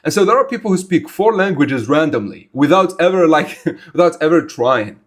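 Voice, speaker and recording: A man's voice: on the high side, moderate pace. Young male streamer, raised voice that swings widely, blunt and rambling with viewers. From Algeria. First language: Arabic. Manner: animated, rambling, blunt and informal. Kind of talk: casual livestream chat answering viewers.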